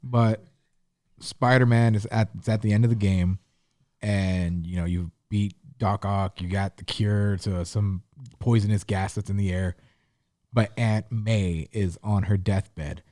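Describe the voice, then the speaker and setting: Male co-host, low mellow voice, dry close sound, earnest detailed storyteller. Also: steady tone, measured pace, no echo. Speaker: podcast co-host. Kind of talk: casual chat.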